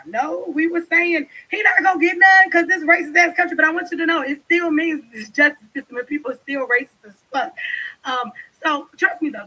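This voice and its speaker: A woman's voice: on the high side, bright, forceful tone, breathy edge, rough recording. A young woman vlogger, chatting bluntly to her followers, laughing and swearing often. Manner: blunt, laughing, swears a lot, talks straight to viewers. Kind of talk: casual chat to camera.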